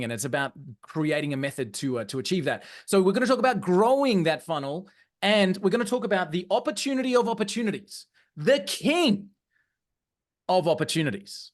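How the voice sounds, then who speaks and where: A man presenting a live online training session, energetic and often checking in with his audience. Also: a little high. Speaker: webinar presenter.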